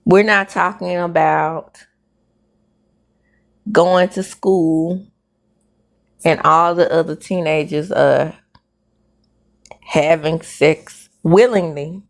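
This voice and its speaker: A woman's voice: sits low, steady tone, drawn-out words, long pauses. A middle-aged woman hosting a casual celebrity gossip commentary, sassy and emphatic, full of slang asides. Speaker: host of a celebrity gossip show.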